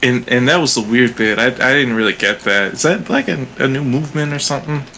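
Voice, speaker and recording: A man's voice: medium pitch, expressive, a little fast, vocal fry, pushed and bright, soft background music. A man playing in a tabletop game, joking and stammering a little. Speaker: player. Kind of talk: casual tabletop role-play.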